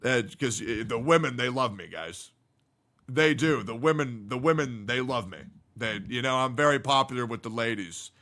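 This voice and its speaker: Bright-voiced joking male streamer. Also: moderate pace. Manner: joking, profane, reads viewer comments aloud; swings between loud hype and low mumbling. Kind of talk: casual livestream reaction chat.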